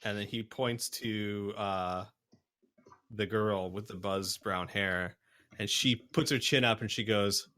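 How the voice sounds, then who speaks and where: A man narrating a tabletop game as game master, halting and full of fillers. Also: on the low side, steady tone, sharp tone.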